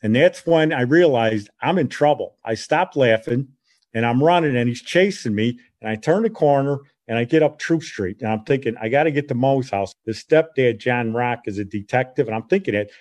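A middle-aged man with a Chicago accent, telling a childhood story in a lively, casual way and acting out the voices of the people in it. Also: mid-range voice, moderate pace. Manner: animated, acts out voices in his story. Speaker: podcast host.

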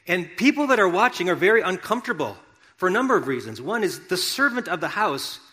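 A man preaching a sermon as pastor, talking conversationally to his congregation and now and then bursting out loudly. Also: fairly high pitch. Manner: conversational, animated preaching with sudden loud outbursts. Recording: long hall reverb.

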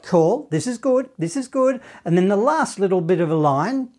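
A man's voice: high voice, normal speed, faint music behind. Easygoing man teaching saxophone. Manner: relaxed, encouraging, scats the phrases with syllables. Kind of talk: online music lesson.

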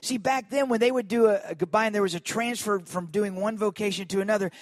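A man with a notably high-pitched voice delivers a lively storytelling sermon, calling on the congregation to join in. His voice sounds close and dry. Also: quick pace, no echo. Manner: lively, calls on the congregation to respond. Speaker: pastor.

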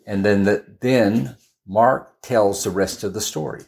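A man's voice: lowish voice, a little slow, creaky, darkish tone. A man preaching in a chatty, storytelling way, often restarting and adding asides as he explains a Bible passage. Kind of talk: conversational Bible teaching.

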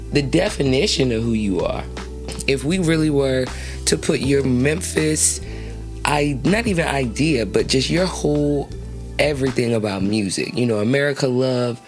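A woman's voice: extremely low pitch, darkish tone. A woman from New Jersey hosting a casual interview, playful and slangy, laughing often. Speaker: host.

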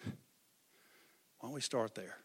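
A male preacher giving an impassioned sermon, repeating phrases for emphasis. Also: slow. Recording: long hall reverb.

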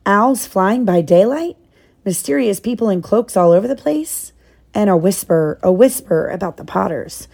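A woman's voice: mid-range voice, expressive, moderate pace, creaky, darkish tone, husky. A mother reading a children's novel aloud to her child, stopping now and then to explain things. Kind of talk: storybook read-aloud.

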